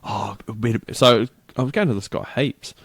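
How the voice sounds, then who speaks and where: A middle-aged New Zealand man co-hosts a podcast, chatting casually and rambling through a story while acting out its characters. His voice sits at medium pitch and moves at a normal speed, recorded dry.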